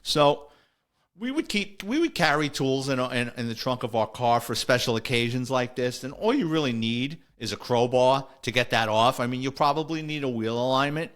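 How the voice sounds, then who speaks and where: A man's voice: mid-range voice, lively intonation, moderate pace, a bit bright. A middle-aged man, a former police officer telling a story in a wry, conversational way on a podcast. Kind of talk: casual storytelling.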